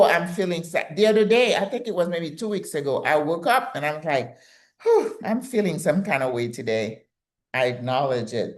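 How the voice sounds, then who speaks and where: An older woman hosting her channel, giving direct, emphatic, motivational advice. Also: sits low.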